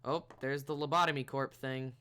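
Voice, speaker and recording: A man's voice: mid-range voice, fairly even intonation, normal speed, a bit bright, smooth. A man streaming a game, making playful, laughing asides between dialogue. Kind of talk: casual gameplay commentary.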